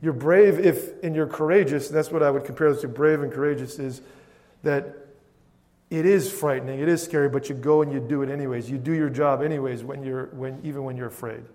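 Pastor guy preaching, kinda high voice, long echo like a church hall. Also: steady tone, a little fast, darkish tone. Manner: preaching with frequent "Amen?" call-outs to the congregation. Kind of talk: sermon.

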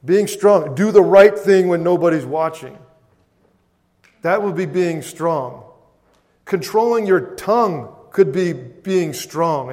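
A man preaching a sermon as pastor, often calling out "Amen?" to the congregation. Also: a little high. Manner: preaching with frequent "Amen?" call-outs to the congregation. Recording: long hall reverb.

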